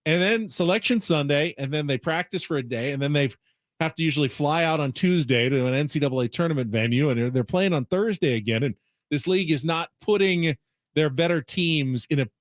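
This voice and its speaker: A man's voice: fairly high pitch, no echo. Male sports talk host, rambling explainer, dead-dry studio mic. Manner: explains at length, thinking aloud with restarts. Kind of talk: sports radio chat.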